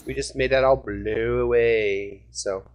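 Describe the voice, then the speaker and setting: A man hosting a casual sports fan podcast, joking around and sometimes breaking into loud shouts. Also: mid-range voice, fairly even intonation, measured pace, clean tone. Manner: jokey, bursts into shouting. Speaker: podcast host.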